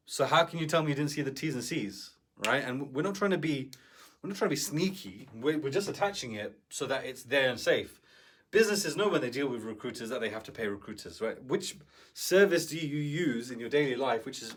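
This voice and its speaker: This male business coach has a mid-range, fairly bright voice. He teaches in a chatty, conversational way, frequently checking in with his audience with a quick "right?"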